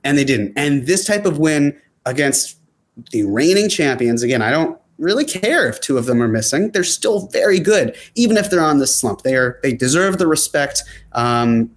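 A man with a slightly higher voice hosts a casual sports talk show. He reads out viewer comments and answers them in a loose, chatty way, with many fillers and restarts. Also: lively intonation, moderate pace. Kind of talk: casual chat.

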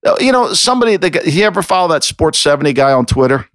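A man's voice: a little high, big pitch swings, fast talker, no echo, clean studio sound. A man co-hosting a sports podcast, ranting with exasperation and swearing freely. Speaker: podcast co-host. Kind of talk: heated sports opinion talk.

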